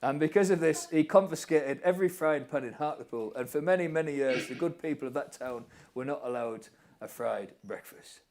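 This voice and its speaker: Man telling a deadpan comic tall tale. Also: fairly high pitch, fairly quick. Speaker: co-host of a comic online show. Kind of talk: mock-solemn comic storytelling.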